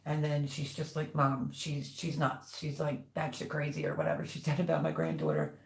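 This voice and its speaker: An older woman with a low, gravelly voice hosts a live stream at a moderate pace, chatting casually as she rambles through family stories and reads viewers' comments aloud. Her echoey room has a noisy background.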